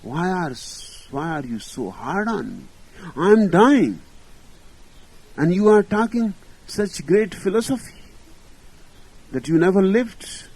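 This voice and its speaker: Dying middle-aged man, husky, unhurried, pleading, as a speaker quotes him. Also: fairly high pitch, heavily acted, low-quality recording.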